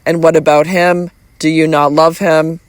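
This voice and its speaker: A man's voice: a little high, level tone, normal speed, no room sound, natural voice. Lovesick young man, desperate and pleading, audiobook read by the narrator, dry. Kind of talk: audiobook reading.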